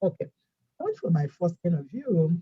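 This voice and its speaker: A woman with a non-American English accent, telling her story as a guest teacher in a lively storytelling way. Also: fairly low pitch, normal speed, breathy edge, highs cut off. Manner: animated storyteller, acts out quoted voices. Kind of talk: storytelling interview chat.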